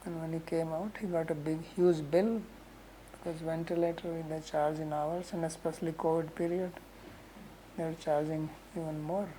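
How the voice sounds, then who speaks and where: A woman who teaches scripture verses, explaining them slowly with homely examples and frequent "right?" asides. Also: deep voice, warm tone, a little hiss or hum, low-quality recording. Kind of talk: lecture on Sanskrit verses.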